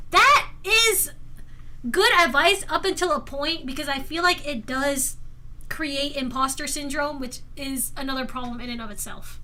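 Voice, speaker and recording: A young woman streaming live, reading viewer questions aloud and answering them in an animated, giggly, mock-outraged way. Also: sits high. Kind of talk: casual livestream chat, reading viewer questions.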